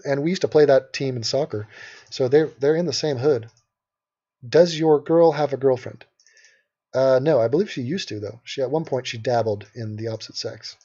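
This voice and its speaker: A man's voice: mid-range voice, moderate pace, mellow, husky. Brash man on a livestream. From Los Angeles. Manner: brash, sarcastic, reads chat questions aloud. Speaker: livestream host answering chat. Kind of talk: casual livestream chat. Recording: dull lo-fi stream audio.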